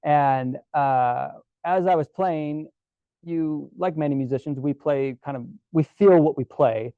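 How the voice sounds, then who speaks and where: A man giving a casual storytelling presentation to a club, relaxed and chatty with many fillers and restarts. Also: on the high side, measured pace, clear, resonant tone, no room sound, phone-quality sound. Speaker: guest presenter at a camera club.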